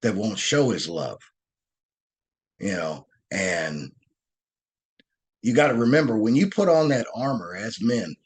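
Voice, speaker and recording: A man telling stories as a podcast guest, earnest and animated, often restarting his sentences. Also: on the low side, a little slow, pauses often, breathy edge. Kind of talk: conversational storytelling.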